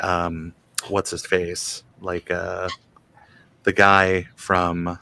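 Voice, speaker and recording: A man in his thirties or forties chatting casually on a video call, deadpan and joking, spinning rambling tall tales. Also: sits low, extremely slow, vocal fry. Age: 30s to 40s. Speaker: guest on a livestream.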